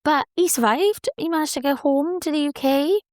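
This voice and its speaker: A woman's voice: sits high, normal speed, no echo. Woman, young adult, podcast host, chatty, encouraging, dry close sound. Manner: chatty, encouraging, animated cheerleader tone. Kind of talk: motivational podcast chat.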